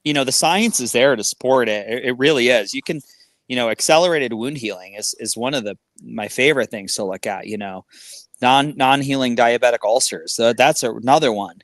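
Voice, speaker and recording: A mid-pitched man chats as a guest, an animated and rambling storyteller who jumps from one story to the next. His voice is recorded dry, with no room sound around it. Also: a little fast, no echo. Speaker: podcast guest. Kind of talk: casual conversation.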